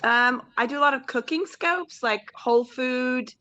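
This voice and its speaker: A woman's voice: high voice, measured pace, sharp tone, dry recording. An American woman joining a live stream as a guest, talking in a casual, friendly way. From United States. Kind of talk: casual chat. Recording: dull, muffled sound.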